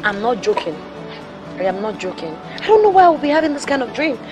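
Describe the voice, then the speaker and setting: A woman's voice: on the high side, very animated, fast, music in the background. A spoiled young Nigerian woman. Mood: insistent. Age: young adult. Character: spoiled young woman craving fame and luxury. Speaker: actress. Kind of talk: film acting.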